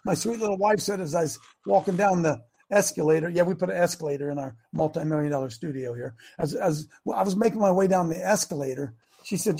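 High husky-voiced man preaching as host. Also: quick pace. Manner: folksy, repetitive restarts, rising to shouts. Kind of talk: preachy talk show monologue.

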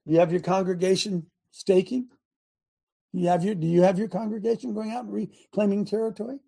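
Fervent high-voiced male preacher-host. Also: steady tone, fairly quick, gravelly, dark tone, slightly rough. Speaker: radio show host. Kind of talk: preaching on a talk show.

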